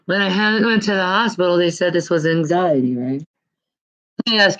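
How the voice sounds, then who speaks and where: Woman streamer, low-ish voice, winded, sighs and curses through casual rambling, muffled lo-fi audio. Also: moderate pace, a bit bright. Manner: rambling, swears and sighs often. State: out of breath. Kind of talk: casual livestream chat.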